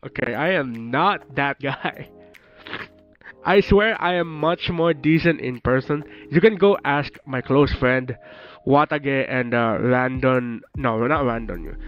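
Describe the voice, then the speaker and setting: A man from the Philippines who is sick, chatting casually as a streamer, rambling, laughing often and swearing casually. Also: mid-range voice. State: sick, voice changed. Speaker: VTuber streamer. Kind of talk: casual chat. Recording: dull lo-fi with faint music.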